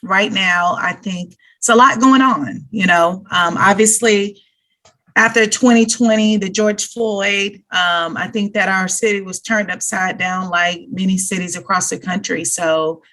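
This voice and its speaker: A woman's voice: mid-range voice, fairly even intonation, measured pace, sharp tone. A woman, a retired police officer and sheriff candidate, answering interview questions earnestly and unhurriedly with frequent fillers.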